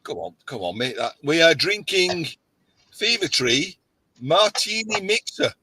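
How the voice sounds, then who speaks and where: A man's voice: fairly high pitch, sing-song, measured pace, sharp tone, slight background noise, rough recording. A man hosting a casual livestream chat, rambling and jokey as he gets a little tipsy. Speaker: host.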